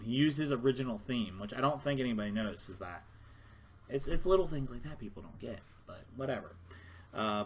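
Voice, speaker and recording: A man's voice: mid-range voice, a bit bright. Heated, profane man ranting. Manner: heated, profane, rambling with restarts. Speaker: wrestling reviewer. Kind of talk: casual rant review.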